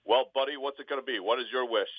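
A man's voice: mid-range voice, quick pace, no echo, lightly acted. A man voicing a cranky, impatient male genie in a joke, talking brusquely over a phone line.

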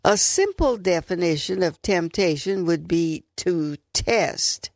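Earnest woman radio Bible teacher, unhurried delivery with a gravelly edge. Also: lowish voice, no echo, clean studio sound. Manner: warm, earnest, emphatic on key words. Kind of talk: devotional radio talk.

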